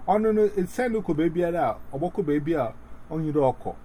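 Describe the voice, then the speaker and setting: Rambling man, lively voice. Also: a little high, a little hiss or hum. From Ghana. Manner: rambling, halting, many fillers and restarts. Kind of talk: casual chat.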